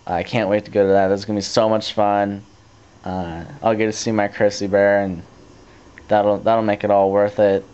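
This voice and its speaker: A teenage boy casually telling a story to his camera, rambling with restarts and growing animated as he retells it. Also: fairly low pitch, moderate pace, smooth. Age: teens. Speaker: vlogger. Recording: dull lo-fi camcorder tape audio.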